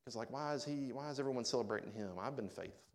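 A man's voice: medium pitch, fast. A man pastor preaching a sermon, conversational and speaking directly to his congregation.

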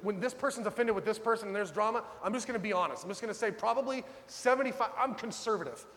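A man preaching a sermon as pastor, dramatic, swinging from loud urgent pleas to hushed low lines. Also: fast talker, in a large hall.

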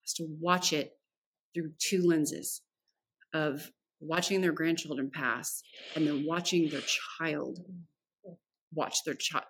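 A woman's voice: deep voice, takes it slowly, breathy edge. A woman guest on a podcast telling a personal story frankly and with energy, acting out what people said and swearing casually. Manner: frank and animated, acts out quoted dialogue, swears casually.

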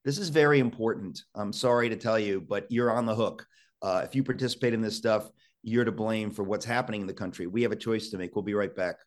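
A man's voice: lowish voice, quick pace. A male talk show host urgently exhorting his listeners, often restarting words in a rush.

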